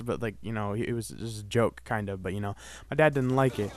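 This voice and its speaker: A man's voice: mid-range voice, fast talker. A young man vlogging, telling a personal story in a rambling, casual way, full of "like" and "you know".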